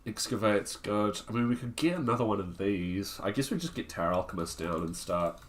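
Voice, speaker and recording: A man's voice: on the low side, lively intonation, brisk, a little hiss or hum. A man streaming a card game, commenting casually and thinking aloud while answering questions from chat.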